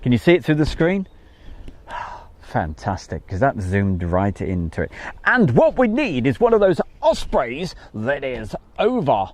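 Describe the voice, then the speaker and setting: A man's voice: medium pitch, wildly swooping pitch, a little slow. Chatty midlands man hosting a livestream. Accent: West Midlands English. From Wolverhampton, England. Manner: rambling and chatty, many fillers. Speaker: airshow livestream host. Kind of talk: casual live-stream chat. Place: outdoors at an airfield.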